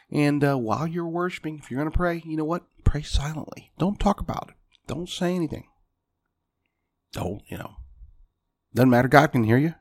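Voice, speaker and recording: A man's voice: a little high, a little mellow, dry recording, pitched above the performer's own voice. A man putting on a silly accent to play a condescending nanny-state official who lectures people on rules. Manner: patronizing, talks down to churchgoers.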